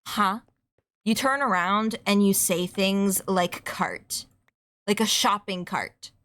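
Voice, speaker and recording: A young adult woman with a Canadian accent chatting casually while streaming a game, rambling through quick asides and casual swearing. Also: mid-range voice, a bit bright.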